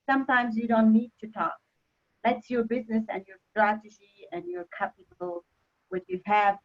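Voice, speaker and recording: Woman on a dull call. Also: fairly high pitch. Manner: non-native English with simple grammar. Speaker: webinar co-host. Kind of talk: casual webinar talk. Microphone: video call. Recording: dull lo-fi video call audio.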